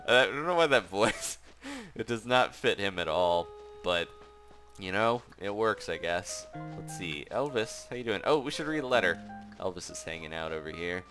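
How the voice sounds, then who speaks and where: A man giving casual, chatty gameplay commentary as a let's play host, reacting quickly and animatedly. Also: lowish voice, big pitch swings. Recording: game music underneath. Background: game background music.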